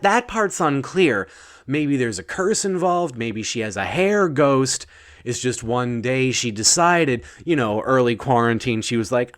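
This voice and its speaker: A man telling an improvised comic bedtime story, rambling, breaking off and adding deadpan asides. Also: medium pitch.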